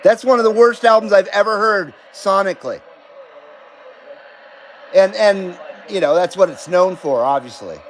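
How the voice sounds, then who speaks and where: A man's voice: high voice, normal speed, pauses often, a little hiss or hum, rough recording. A man hosting a casual live-stream about CB radio, chatting loosely, laughing often and reading viewer comments aloud. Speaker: CB radio livestream host.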